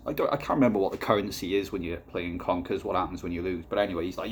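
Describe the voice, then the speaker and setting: A man with a low voice reviews beer in a casual vlog and drifts into profane, deadpan tangents. His telling rambles loosely as it goes. There is a faint hiss of noise behind him. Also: fast talker, hardly any pauses.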